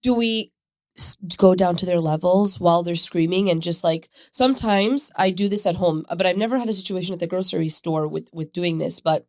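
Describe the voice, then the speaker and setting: A woman's voice: fairly low pitch, fairly quick, dry recording, clean studio sound. A woman hosting a casual podcast chat, asking questions and sometimes searching for her words. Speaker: podcast host.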